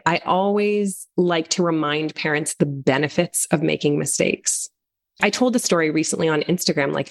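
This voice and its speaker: A middle-aged woman, a parent coach, talking earnestly in a podcast interview and acting out little quoted voices. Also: sits low.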